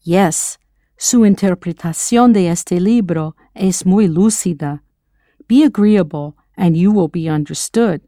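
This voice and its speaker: A patient, encouraging American woman teaches a scripted audio language lesson and prompts the listener to reply. She speaks in an unhurried, mellow way at a middle pitch. The recording is close and dry, lacking any room sound.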